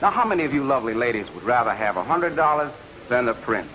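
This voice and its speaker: A man playing a show announcer, with smooth showman patter from a 1940s film. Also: medium pitch, very animated, fast talker, close to an everyday voice. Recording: dull hissy 1940s film sound.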